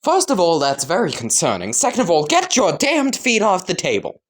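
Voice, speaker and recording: A woman voicing a hot-tempered, foul-mouthed teenage boy who talks loud and brash. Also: high-pitched, very animated, slow, vocal fry, pitched above the performer's own voice, exaggerated voice. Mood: angry.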